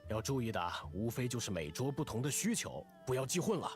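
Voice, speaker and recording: A man voicing a calm, experienced male innkeeper in game dialogue, giving advice patiently. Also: medium pitch, quick pace, soft background music, lightly acted. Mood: advising. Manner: calm, advising.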